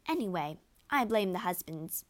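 A woman's voice: mid-range voice, very animated, normal speed, natural voice. A woman voicing an outspoken, loyal maidservant with a blunt, indignant manner in a storybook reading. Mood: wry.

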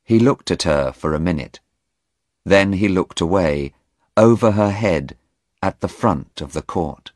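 A man reading an easy-English audiobook in a slow, deliberate scripted narration. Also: deep voice, animated, darkish tone, dry recording, studio quality.

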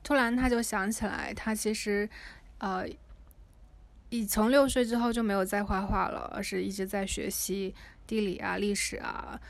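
A woman's voice: mid-range voice, steady tone, moderate pace, vocal fry. Woman reading a book aloud. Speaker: reader and explainer.

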